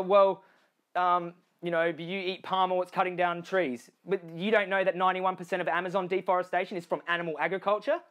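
Addressing a crowd directly, an Australian man with a high-set voice delivers a motivational speech. He keeps checking in with "okay?" and "you know" and performs other people's lines in different voices.

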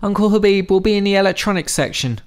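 A man voicing an eager, excitable young boy cousin in an audiobook. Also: sits high, takes it slowly, clear, resonant tone, pitched above the performer's own voice. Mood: excited. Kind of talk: audiobook character voice.

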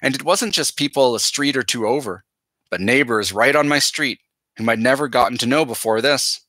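A male teacher reading a novel aloud to his class in a steady, measured voice. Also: medium pitch, no echo.

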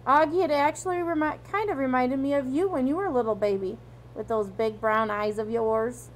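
Woman reading a soft persuasive mother, storybook, coaxing, high-pitched. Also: fairly quick, a little hiss or hum, close to an everyday voice, poor audio. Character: gentle, persuasive mother talking to her son.

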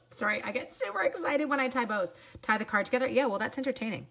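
A woman's voice: mid-range voice, lively intonation, quick pace, fairly bright tone. A middle-aged woman from Canada leading a live card-making demo, chatty and jokey, greeting viewers by name and slipping into whispers. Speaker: stamping demonstrator.

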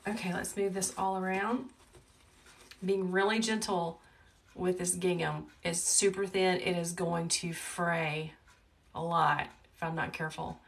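Calm chatty Southern woman. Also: fairly low pitch, unhurried, gravelly. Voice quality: calm, soothing voice. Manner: chatty, talkative. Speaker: wreath-making host. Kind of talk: live crafting tutorial chat. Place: home wreath workshop. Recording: a bit distant from the mic, faint background noise.

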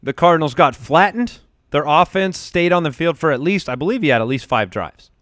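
A man's voice: fairly high pitch, lively intonation, brisk, a bit bright, dry recording, clean studio sound. A man hosting a podcast in casual chat, upbeat and joking as he runs the show. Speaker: podcast host. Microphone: studio podcast mic.

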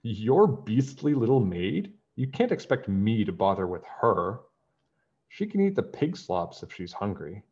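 Haughty young princess, snooty, sharp, raised pitch, storybook reading, voiced by a man. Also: sing-song, measured pace, highs cut off.

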